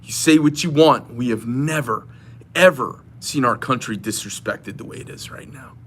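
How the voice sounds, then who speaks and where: Bright-voiced man in an impassioned rant. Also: mid-range voice, moderate pace, breathy edge. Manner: impassioned, ranting, retelling a phone call. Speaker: knife shop owner. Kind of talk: political rant to camera.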